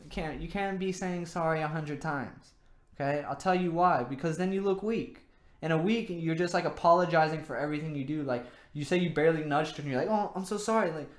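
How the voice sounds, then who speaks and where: A young man hosts his own show in an echoey room, his voice a little high. In a casual monologue he offers earnest, rambling dating advice, full of "you know" and repeated words.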